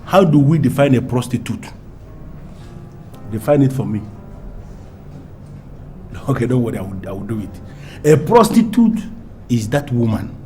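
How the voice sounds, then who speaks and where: Menacing lover with a Nigerian accent. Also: male voice, mid-range voice, warm tone. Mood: scornful. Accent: Nigerian English. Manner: menacing, grandiloquent, repetitive. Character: domineering man threatening his lover. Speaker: man confronting his lover. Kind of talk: Nollywood film acting.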